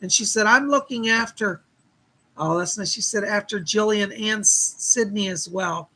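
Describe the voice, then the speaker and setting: A man hosting live psychic readings, chatting to viewers and relaying spirit messages with a steady stream of "she said". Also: high voice, normal speed. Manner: warm thanks to viewers for donations.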